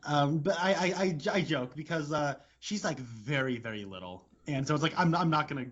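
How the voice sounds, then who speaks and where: A man co-hosting a podcast in casual chat, halting and often laughing as he talks. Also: a little high, expressive, a bit bright. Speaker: podcast co-host. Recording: dull lo-fi sound.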